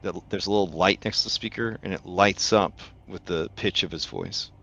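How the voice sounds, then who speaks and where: A man narrating a tabletop game as game master, slowly and with many pauses. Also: sits low, creaky, a bit bright. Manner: slow, hesitant, many pauses.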